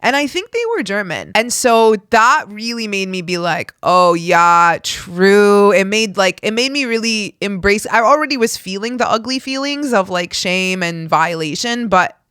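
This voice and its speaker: A woman hosts a solo podcast, telling a personal story candidly and with plenty of profanity while acting out the lines of the people involved. Her mid-range voice is a bit bright, clear, and resonant, moving at a moderate pace with hardly any pauses. The recording is dry with clean studio sound.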